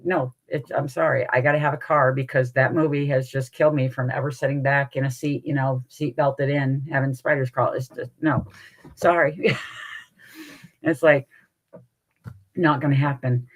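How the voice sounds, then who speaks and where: A middle-aged woman hosting a live stream, telling stories to her chat in an animated, salty way and laughing often. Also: a bass voice, moderate pace. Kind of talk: casual chat with viewers.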